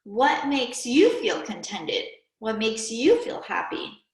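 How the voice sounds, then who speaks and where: Woman teacher for a kids' video lesson: slow, careful, slightly high voice, recorded in a roomy echo. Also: very animated. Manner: slow, clear, patient classroom delivery with prompts to pause. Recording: echoey room.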